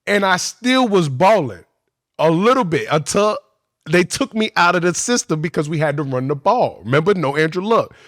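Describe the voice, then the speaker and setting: A man telling his football career story on a podcast, animated, profane and slangy. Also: sits high, moderate pace, dry recording, clean studio sound.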